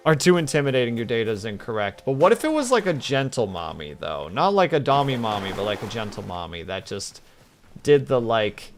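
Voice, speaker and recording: Male streamer, gravelly, lively and swooping delivery, casual chat with viewers over gameplay. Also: on the low side, fairly quick, soft background music. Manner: chatty, jumps between game and chat replies.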